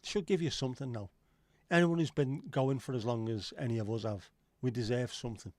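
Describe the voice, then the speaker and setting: Middle-aged man hosting a casual stream, mid-pitched, chatty and sweary, dry close sound. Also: fairly quick, a little mellow, no room sound. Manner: rambling, sweary, reads out chat comments. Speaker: livestream host. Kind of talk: casual livestream chat.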